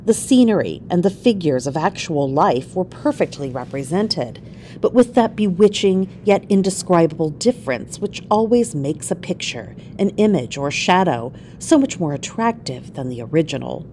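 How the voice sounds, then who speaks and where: A woman narrating a classic story aloud in an expressive, measured reading. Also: fairly low pitch, a little hiss or hum. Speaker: reader.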